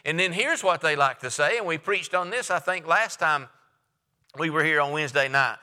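Emphatic preaching man with a bright voice. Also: fairly high pitch, moderate pace, in a large hall. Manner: emphatic, repetitive preaching with frequent "uh" fillers. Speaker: pastor. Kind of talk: sermon.

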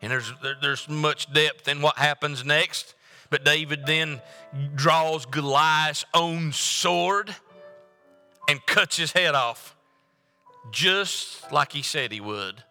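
A man preaches in a church with a bright, clear, resonant voice that carries a long reverb through the hall. His delivery builds with fervent repetition. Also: on the high side, slow pace, faint music behind. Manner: preaching with rising fervor and repetition. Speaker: pastor. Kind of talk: sermon. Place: church sanctuary.

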